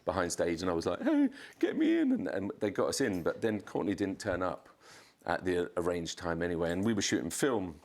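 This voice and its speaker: A man, a podcast guest, telling a chaotic anecdote in casual chat, swearing and jumping up in pitch to act out quotes. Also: fairly quick, few pauses. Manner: animated storyteller, swears, acts out quotes in a raised voice.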